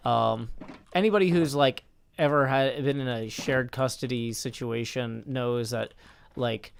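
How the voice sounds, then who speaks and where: A man's voice: medium pitch, gravelly, clean tone. A tired man chatting casually on a live stream, rambling and correcting himself as he reads out chat. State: tired from little sleep.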